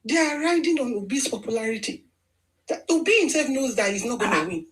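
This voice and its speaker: A woman with a fairly high, expressive voice and a Nigerian accent talks fairly quickly through an emphatic political argument. The commentator's style is casual with frequent restarts, and the recording quality is low.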